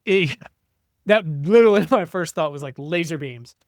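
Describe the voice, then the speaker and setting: A man's voice: fairly high pitch, expressive, normal speed, darkish tone, dry recording, clean studio sound. A middle-aged man, co-hosting a podcast in casual chat, ranting with plenty of swearing and acting out his family's lines. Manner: ranting, profane, acts out family members' voices. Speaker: podcast co-host.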